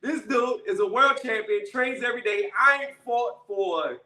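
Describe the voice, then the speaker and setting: A man with a high, tense, bright voice delivers a blunt commentary rant, pressing each point and tagging it with "okay?" or "right?". The sound is roomy and echoing, with the mic set back from him. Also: normal speed. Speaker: channel host. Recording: echoey room, mic at a distance.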